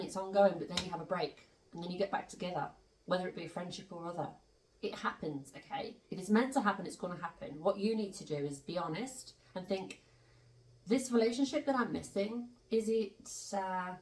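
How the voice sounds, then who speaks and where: A chatty woman gives a tarot reading in a loose, rambling way, leaning hard on her points. Her voice sits a little low and sounds roomy, picked up from some distance off the mic. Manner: chatty, emphatic, rambling with asides. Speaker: tarot reader. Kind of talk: casual spiritual tarot reading.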